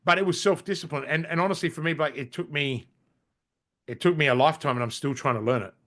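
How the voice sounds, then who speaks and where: Blunt, fast-talking Australian man. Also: fairly high pitch, fairly bright tone. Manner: blunt, swears freely, restarts often. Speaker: podcast guest, business strategist. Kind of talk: casual interview storytelling.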